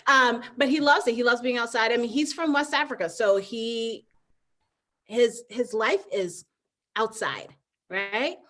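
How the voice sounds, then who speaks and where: A woman's voice: on the high side, a little slow, fairly bright tone. A woman guest in a casual interview, talking in a rambling way with frequent restarts and fillers and laughing easily. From United States. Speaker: guest, trail runner and author.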